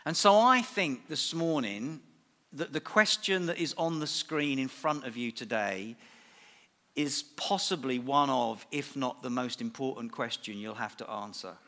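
A man's voice: medium pitch, a little slow, a bit bright. A middle-aged man preaching a sermon at a church service, emphatic and repeating key phrases for weight. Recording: reverberant church hall.

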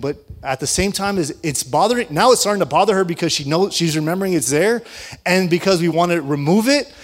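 An animated man telling a story from the pulpit in a fairly high voice. He laughs often and acts out the lines of everyone in the story. His sermon delivery is lively and playful. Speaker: pastor.

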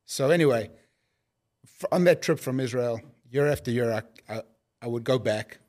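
A man with a South African accent tells his story in a relaxed, rambling way, circling back and restarting his sentences. His voice sits at an ordinary middle pitch and stays easygoing. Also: normal speed. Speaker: guest. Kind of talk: casual conversational storytelling.

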